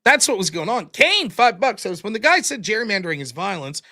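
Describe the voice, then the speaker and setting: A man hosting a livestream, reading out viewer donations with quick, offhand thanks and blunt replies with occasional swearing. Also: sits high, very animated, sharp tone. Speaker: livestream host.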